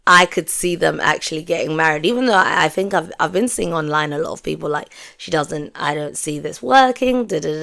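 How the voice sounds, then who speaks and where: A young woman talks through a reality show episode in a casual, chatty review. Her voice sits low and has a gravelly edge. She keeps acting out her own reactions as she tells it. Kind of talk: casual video review chat.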